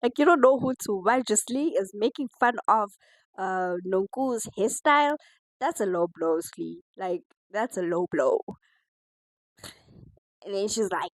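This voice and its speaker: A woman chatting her way through a reality TV review, animated and laughing often. Her voice sits at a middling pitch and is recorded close and dry, with no room sound. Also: unhurried, no echo, low-quality recording. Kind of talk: casual reaction commentary.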